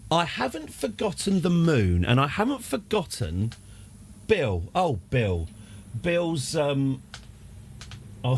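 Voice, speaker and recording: A man's voice: a little high, slight background noise. A man streaming a space game, chatting and ranting in a self-deprecating way. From United Kingdom. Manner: chatty, self-deprecating, prone to rants and restarts. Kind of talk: rambling live game commentary.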